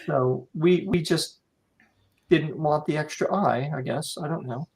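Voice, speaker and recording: A man's voice: on the high side, unhurried, a little mellow, slightly rough. A podcast host joking with his guest in a teasing, casual way. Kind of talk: casual interview chat.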